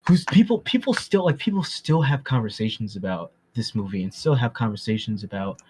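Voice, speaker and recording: A man's voice: lowish voice, lively intonation, fairly quick, a little mellow, husky, rough recording. A man co-hosting a podcast, talking emphatically and profanely and repeating himself. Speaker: podcast co-host. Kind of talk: casual chat.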